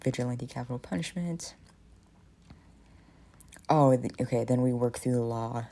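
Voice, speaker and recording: A woman streaming a choose-your-own-adventure game, thinking aloud in a relaxed, casual way and reading choices out. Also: extremely low pitch, normal speed.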